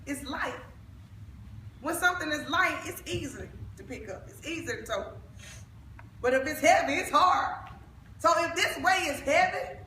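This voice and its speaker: A woman evangelist, exhorting the young people of her church, fervent and at times shouting. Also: high-pitched, a little hiss or hum. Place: church sanctuary. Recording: echoey church, mic from a distance.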